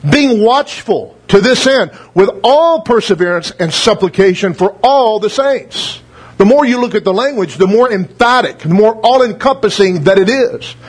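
A middle-aged man preaching a sermon in a high-pitched, husky voice. He reads scripture with weight and emphasis, then breaks into relaxed, conversational remarks to his listeners. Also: normal speed. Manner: teaching verse by verse, reading scripture aloud with emphasis; conversational asides to the congregation. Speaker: pastor.

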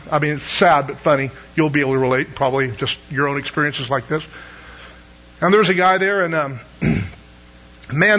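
A man's voice: high voice, bright, forceful tone, muffled recording. A middle-aged man preaching a sermon in a conversational, storytelling way, asking the audience rhetorical questions.

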